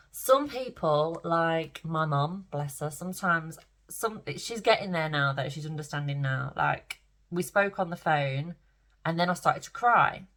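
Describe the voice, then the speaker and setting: A woman's voice: fairly low pitch, a bit bright. Candid, teary woman vlogging. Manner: rambling, candid, tearful, swears freely. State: emotional, close to tears. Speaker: spiritual vlogger. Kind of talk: casual talk to camera.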